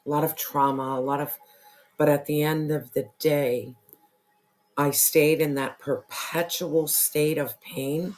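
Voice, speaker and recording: A tarot reader losing their voice, who keeps clearing their throat and talks earnestly and repetitively straight to the viewer. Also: medium pitch, fairly even intonation, a little slow. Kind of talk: casual spiritual tarot reading to camera.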